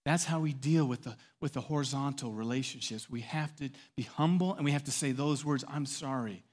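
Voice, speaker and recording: With a medium-pitched voice moving a little fast, a middle-aged pastor gives an animated sermon. He acts out quotations and grows loud at the key points.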